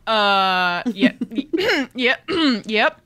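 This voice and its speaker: A woman's voice: a little high, sing-song, very slow, pushed and bright, heavily acted. Woman doing a murmuring flirty romance hero. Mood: flustered.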